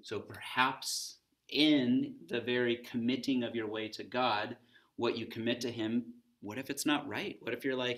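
A man's voice: mid-range voice, steady tone, measured pace, a bit bright. A man teaching a recorded Bible lesson for students, talking in a conversational way and stopping to pose questions.

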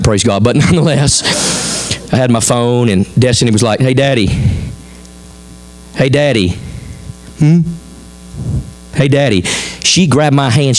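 A middle-aged man with a Southern American accent, preaching a sermon as pastor, folksy and animated, acting out the people in the story in quick voices. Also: medium pitch.

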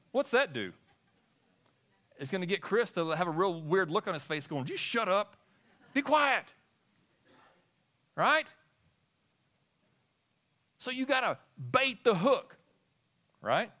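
A man's voice: sits high, expressive, measured pace, long pauses, bright, forceful tone. A man preaching a sermon in church, asking the congregation questions as he talks. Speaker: pastor. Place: church sanctuary.

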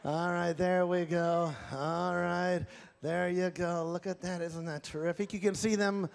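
A man's voice: high-pitched, flat delivery, unhurried, creaky. A man hosting a ventriloquist stage show, folksy and teasing as he coaxes audience volunteers. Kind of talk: live stage comedy banter. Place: large theatre stage with audience.

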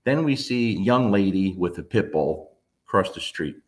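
A man in his fifties with a very low, deep voice tells a story in a blunt, emphatic way. He swears freely and keeps hammering his points home in casual talk. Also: animated, normal speed. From New Jersey. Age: 50s. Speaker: dog trainer.

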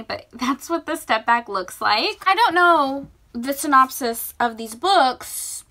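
A woman's voice: high voice, bright, forceful tone. A young woman vlogging casually about books, gushing and chatty as she shows what she bought. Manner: bubbly, gushing. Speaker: book vlogger. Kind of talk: casual vlog chat.

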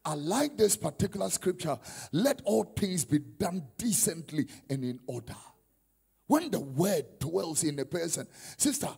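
A man with a Ghanaian accent preaching a conference sermon, mixing Twi and English and bursting into shouts. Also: fairly high pitch, gravelly, breathy edge. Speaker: prophet. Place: conference hall.

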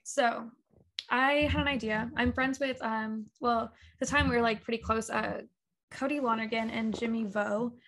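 A young adult woman, a guest on a podcast, chatting casually and acting out remembered conversations with quick laughs. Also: a little high, slight background noise. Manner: animated storyteller, acts out quoted dialogue, laughs often. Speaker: guest, talk show creator. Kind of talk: casual interview chat.

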